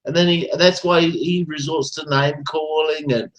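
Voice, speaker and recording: Speaking at normal speed in a fairly high, slightly bright voice with fairly even intonation, this livestream host rants casually, rambling, swearing and repeating himself. The sound echoes as if in a roomy space.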